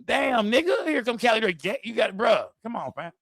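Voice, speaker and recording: Rowdy, bright-voiced man hosting a livestream. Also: extremely high pitch, big pitch swings, brisk, no echo, clean studio sound. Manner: loud, rowdy, addresses chat directly. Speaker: livestream host. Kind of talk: profane live-stream commentary.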